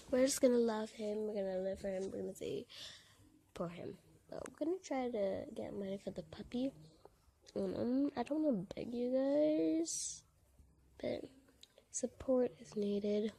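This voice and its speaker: Hushed, husky-voiced woman vlogger. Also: a little high, unhurried, no echo. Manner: soft, hushed and emotional. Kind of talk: vlog voiceover. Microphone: recorded voiceover.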